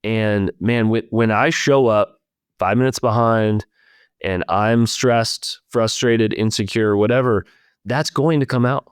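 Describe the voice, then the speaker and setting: A man's voice: on the low side, slow pace, clean tone, no room sound, clean studio sound. A man hosting a leadership podcast, talking in an earnest, reflective way and speaking straight to his listeners. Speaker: podcast host.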